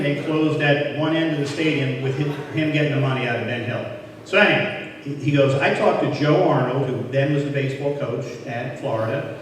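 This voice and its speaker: A man's voice: mid-range voice, far from the mic, slight background noise. Older man telling stories in an echoey hall. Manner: anecdotal, self-deprecating, quoting others in dialogue. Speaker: hall of fame inductee speaker. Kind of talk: storytelling speech.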